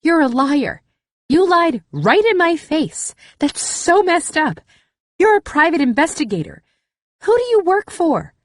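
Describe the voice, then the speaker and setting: A woman's voice: high-pitched, very animated, moderate pace, few pauses, dry recording, voice pushed up. A woman voicing a frantic, defiant young woman who shrieks her accusations, close to tears. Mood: accusing.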